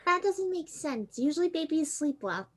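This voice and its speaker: Una pequeña ardilla joven y franca, interpretada por una mujer, con voz muy aguda y tono directo en una partida de rol de mesa. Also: female voice, high voice, sing-song, moderate pace, a little hiss or hum, voice pushed up. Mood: matter-of-fact. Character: small young female squirrel adventurer, blunt. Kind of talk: tabletop role-play.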